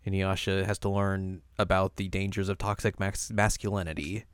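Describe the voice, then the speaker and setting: A young man co-hosting a casual podcast, recapping an episode and slipping into quick character voices as he retells scenes. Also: sits low, little pitch movement, clear, resonant tone, dry recording, clean studio sound. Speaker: podcast co-host.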